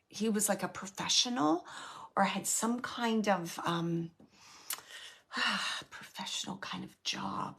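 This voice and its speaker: Bright-voiced woman medium, halting delivery. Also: medium pitch, vocal fry, slightly rough. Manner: halting, filler-heavy, relays spirit's words. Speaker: medium giving readings. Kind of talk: live mediumship reading to audience.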